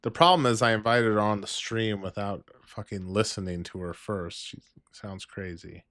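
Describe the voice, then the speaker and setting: A man's voice: on the low side, moderate pace, a bit bright, no room sound, studio quality. A man hosting a livestream, reacting to videos with crude, mocking commentary and muttered asides.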